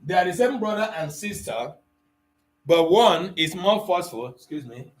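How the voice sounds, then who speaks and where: A man's voice: high voice, lively intonation. A man with an Igbo accent teaching an Igbo language class, explaining patiently and asking his students questions. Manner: explains slowly, switching between Igbo and English, quizzing students.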